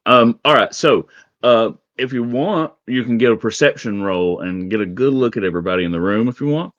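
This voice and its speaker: A man's voice: mid-range voice, brisk, no room sound, highs cut off. A man narrating as game master of a tabletop game in a casual, rambling way, with many ums.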